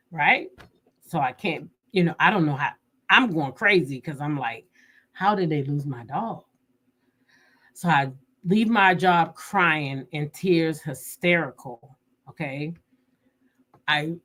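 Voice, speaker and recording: A woman telling viewers a personal story in a casual, animated and emotional way. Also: low-pitched. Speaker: vlogger.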